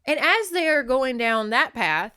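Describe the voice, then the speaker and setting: A woman podcast host casually recapping a novel, animated, acting out the characters in quick put-on voices and laughing often, close to a desk microphone. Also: high voice, smooth.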